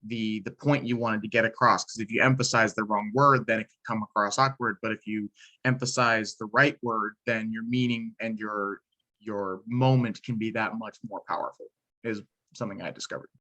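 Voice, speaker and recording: A man's voice: fairly low pitch, steady tone, normal speed, sharp tone, low-quality recording. A male student sharing his experience in class, hesitant and restarting often. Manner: hesitant, many restarts and fillers. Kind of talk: class discussion.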